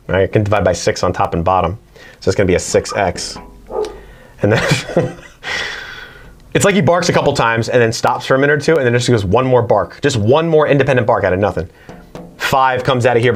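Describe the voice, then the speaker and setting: Male math teacher, casual whiteboard lesson, mid-pitched, chatty, faint hiss behind. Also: animated, fairly quick, long pauses. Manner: chatty, talks to his barking dog between problems.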